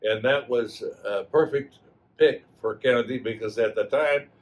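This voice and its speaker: A man in his eighties from Wisconsin, a school alumnus, telling old stories in a halting way full of fillers. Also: medium pitch, slight background noise, poor audio. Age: 80s. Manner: halting, many fillers and restarts. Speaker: alumnus guest. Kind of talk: reminiscing storytelling.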